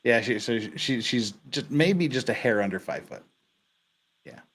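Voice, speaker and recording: Animated, laughing man hosting a stream. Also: mid-range voice, a little slow. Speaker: livestream host. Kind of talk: casual livestream chat.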